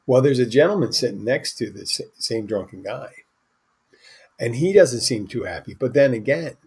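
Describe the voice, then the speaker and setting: A man's voice: medium pitch, a little mellow, slightly rough. A man hosting a podcast, telling a bartending story in a rambling, anecdotal way with restarts and asides. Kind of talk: casual storytelling monologue.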